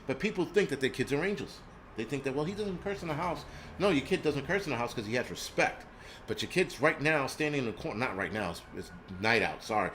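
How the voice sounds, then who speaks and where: A man's voice: mid-range voice, animated, quick pace, a bit bright, slight background noise. A man from the United States hosting his own channel, talking bluntly in a profane, rambling rant. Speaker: channel host. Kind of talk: casual livestream rant.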